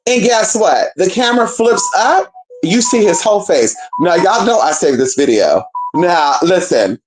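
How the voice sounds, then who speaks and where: A woman's voice: fairly low pitch, lively intonation, a little slow, music in the background. A brash, profane woman from Northern California telling a gossipy story and talking straight to her viewers. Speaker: storyteller vlogger. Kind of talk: casual storytime chat.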